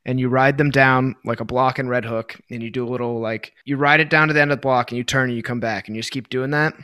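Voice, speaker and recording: A man co-hosting a podcast in loose, rambling casual chat full of fillers and swearing, his voice worn from yelling. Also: medium pitch, steady tone, fast, clean tone, dry recording, clean studio sound. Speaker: podcast co-host.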